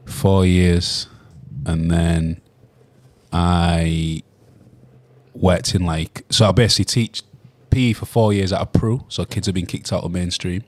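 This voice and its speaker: Man, deep voice, dry close sound, earnest rambling chat. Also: steady tone, a little slow, dry recording. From Hull, England. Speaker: guest, rapper and former teacher. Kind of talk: casual interview chat.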